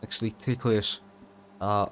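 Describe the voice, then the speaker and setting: A young man calls an online sim race in a loose, chatty, rambling way, full of fillers and side remarks. His voice sits on the lower side. A faint hum runs underneath. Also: fairly even intonation, a little slow, fairly bright tone. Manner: casual, rambling, many fillers and asides. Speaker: sim racing commentator. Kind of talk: live race commentary.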